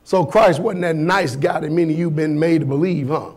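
A man's voice: on the high side, brisk, a little mellow. A man preaching a sermon as pastor, firing blunt rhetorical questions at his congregation in a folksy, emphatic way.

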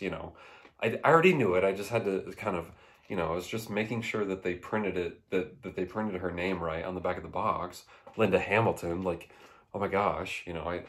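A man, the host, giving a rambling, goofy comedic recap of a movie, slipping into playful voices. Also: deep voice.

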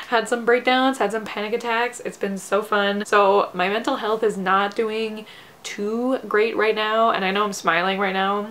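A young woman, chatting casually about her reading in a rambling way with many fillers and frequent laughs, sounding tired and low on energy. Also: steady tone, unhurried, a bit bright. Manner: laughs often. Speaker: book vlogger. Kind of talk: casual chat.

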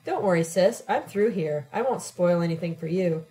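A woman's voice: fairly low pitch, animated, normal speed, mellow, lightly acted. A woman voicing a mean, sarcastic young woman in an audiobook reading. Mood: mocking. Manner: mocking, vengeful.

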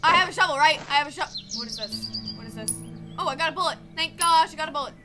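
A woman giving casual, excitable gameplay commentary, easily spooked and talking back to the game. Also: high-pitched, fast talker. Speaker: let's play gamer. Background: game music.

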